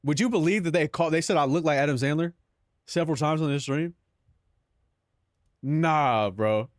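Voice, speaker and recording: A man's voice: a little high, normal speed, no echo, studio quality. A young man streaming live, chatting casually, joking and swearing, often laughing at his own bits.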